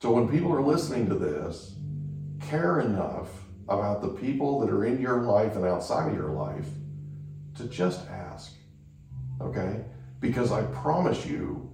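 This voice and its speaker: A man's voice: fairly low pitch, distant mic. Male host who tells stories and keeps checking in with "right?", recorded in a very echoey room well back from the mic. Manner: animated storyteller, frequent "right?". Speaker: podcast host. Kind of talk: storytelling in a conversation.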